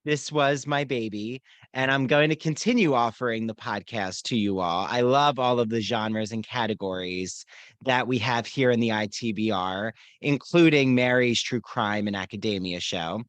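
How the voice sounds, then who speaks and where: A man's voice: mid-range voice, normal speed, fairly bright tone, dry recording. A man hosting a podcast, reading sponsor ads in an upbeat, enthusiastic way. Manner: upbeat, enthusiastic promotional delivery. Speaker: podcast host. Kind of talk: read podcast ad.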